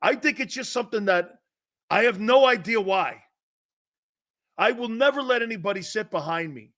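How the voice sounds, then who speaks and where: A middle-aged man hosting a sports talk show, telling stories in a lively casual way and slipping into quick mob-movie impressions. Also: high-pitched. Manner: animated storytelling, quick mob-movie impressions, laughs often. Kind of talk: casual chat.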